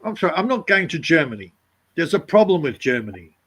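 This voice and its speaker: A man's voice: big pitch swings, fairly quick, fairly bright tone, breathy edge. A man in casual chat, blunt and jokey. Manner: blunt, jokey, mimics others in high voices.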